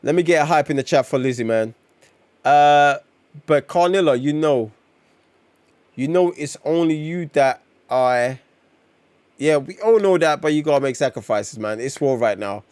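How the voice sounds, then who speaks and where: A man reacting excitedly to comics on a live stream, exclaiming and swearing often in slangy talk. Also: on the high side, moderate pace, no echo.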